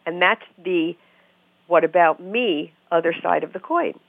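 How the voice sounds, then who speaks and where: Lively woman on a tinny line. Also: lowish voice, measured pace, creaky, no echo. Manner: animated storyteller who acts out quoted voices. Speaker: therapist guest. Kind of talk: conversational interview. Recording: dry phone-like narrow sound.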